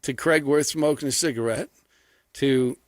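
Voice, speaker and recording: A man co-hosting sports radio, chatting casually with relaxed, wry quips. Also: medium pitch, normal speed, no room sound.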